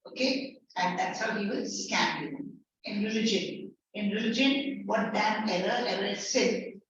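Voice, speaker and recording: A woman's voice: mid-range voice, fairly bright tone, slight background noise. A woman tutor teaching literature in an online class, explaining each line and repeating key words. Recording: echoey, distant, muffled lecture audio.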